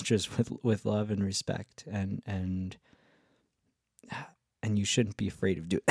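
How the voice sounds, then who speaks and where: A man's voice: fairly low pitch, a little mellow, no room sound, clean studio sound. A man telling a travel story in a casual, rambling way, full of fillers and cheerful swearing. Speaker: travel vlogger.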